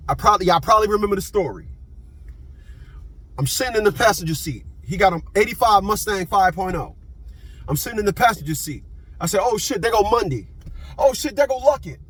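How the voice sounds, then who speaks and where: A man's voice: high-pitched, fairly bright tone, slightly rough. A man in his fifties telling a story in a blunt, profane casual monologue, repeating himself as he goes. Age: 50s.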